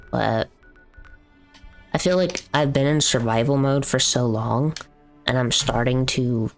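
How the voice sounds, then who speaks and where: A young man talking casually on a live stream, venting in a rambling, profane way with lots of fillers. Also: medium pitch.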